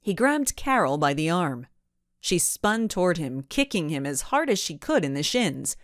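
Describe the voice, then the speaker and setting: A woman narrating a children's storybook in an expressive, measured way. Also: on the low side, no echo, clean studio sound. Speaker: audiobook narrator.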